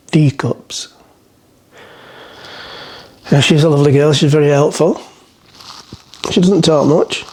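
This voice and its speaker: In his home kitchen, a man chats casually through a cooking vlog, his slightly high, somewhat mellow voice rambling and jokey. He mutters to himself as he preps the food.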